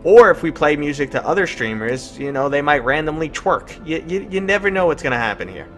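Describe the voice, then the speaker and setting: A man's voice: fairly high pitch, expressive, brisk, faint music behind. New York man hosting, enthusiastic. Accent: New York City. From New York City. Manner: enthusiastic, joking. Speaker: host. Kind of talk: casual interview chat.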